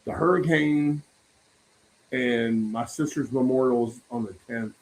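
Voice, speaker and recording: A man's voice: mid-range voice, slow pace, low-quality recording. A man hosting a casual talk stream, swearing often and laughing as he tells stories. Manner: profane, laughs often, animated storytelling. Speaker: podcast host. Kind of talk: casual chat.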